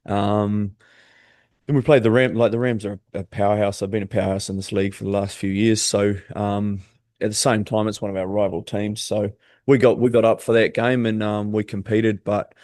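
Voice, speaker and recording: New male athlete in his thirties, low and even voice, dry close sound. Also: no echo. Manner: easygoing, many "um" pauses. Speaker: basketball player and coach, guest. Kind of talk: casual podcast interview.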